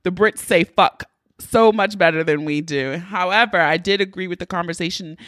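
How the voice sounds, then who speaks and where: Clean studio sound and a dry recording capture a woman with a fairly low, slightly bright voice talking at a moderate pace. As host, she starts her solo podcast casually, frank and chatty, swearing a lot.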